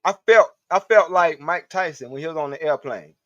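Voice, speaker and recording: A stream host with a fairly bright, highish voice talks a little fast, swearing and rambling casually as he addresses his chat. There's no room sound, just dull, dry lo-fi audio.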